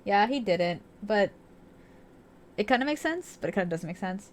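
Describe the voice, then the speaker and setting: A woman's voice: medium pitch, expressive, moderate pace, a little hiss or hum. A young woman casually commenting on a game as she plays, chatty, laughing often and swearing freely. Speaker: let's-play streamer.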